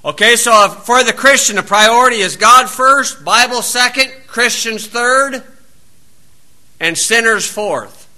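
Blunt high-voiced preacher man. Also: a little slow, bright, forceful tone. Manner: blunt, plain-spoken, scolding. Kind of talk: sermon.

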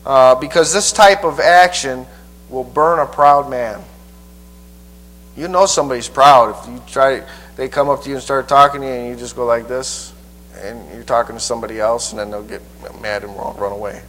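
A man preacher teaching a Bible passage verse by verse in a folksy, halting way, often repeating his words. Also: mid-range voice, fairly bright tone, rough recording.

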